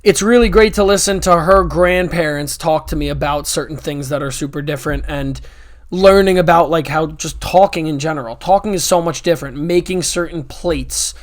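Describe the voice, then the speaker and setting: A young man with a notably high voice chats loosely on a podcast. He rambles, restarts and corrects himself, keeping an upbeat tone. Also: normal speed. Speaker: podcast host. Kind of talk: casual chat.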